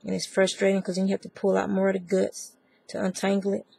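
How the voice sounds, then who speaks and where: A woman's voice: medium pitch, monotone, fast, vocal fry, warm tone, slightly rough. A woman with a Southern US accent giving a chatty, rambling crochet tutorial and talking straight to her viewers. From American South. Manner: chatty, digressive, talks to viewers as y'all. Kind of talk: casual crafting tutorial.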